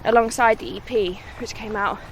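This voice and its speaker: A young woman from the West Midlands, a singer-songwriter, talks modestly in a slightly high voice and laughs easily. She is recorded outdoors on a country walk. Faint traffic hum and outdoor air sit behind her. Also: fairly even intonation, moderate pace. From West Midlands, England. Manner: chatty and modest, laughs often. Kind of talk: casual outdoor interview on a walk. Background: faint outdoor ambience and distant vehicles.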